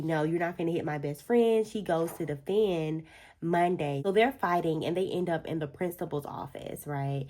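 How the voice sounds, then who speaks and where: A woman's voice: sits low, darkish tone. A woman vlogger chatting through a book review while doing her makeup, telling the story expressively with slangy asides.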